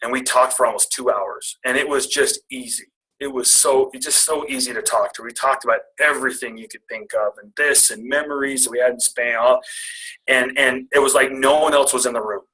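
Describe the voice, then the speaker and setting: A man's voice: medium pitch, fairly even intonation, a little fast, sharp tone, rough recording. A middle-aged man speaking as a guest, telling a candid, self-deprecating personal story to make a motivational point. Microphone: call audio.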